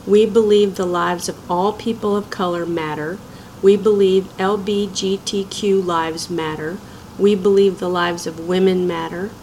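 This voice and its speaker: A woman, president of a nonprofit, reading a prepared statement in an earnest, measured way. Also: on the low side, steady tone, darkish tone, a little hiss or hum, rough recording.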